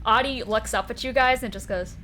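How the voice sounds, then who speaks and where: A young woman running a tabletop game as game master, narrating casually with frequent fillers and laughs. Her voice sits fairly high. A faint hiss of noise runs under it. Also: brisk, fairly bright tone.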